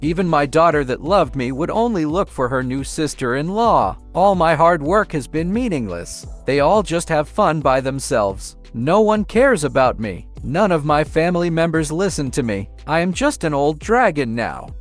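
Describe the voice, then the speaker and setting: A man voicing a proud, grumpy old male elder dragon who is also a father, in a gruff, indignant way. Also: on the high side, sing-song, moderate pace, few pauses, faint music behind. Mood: tearful.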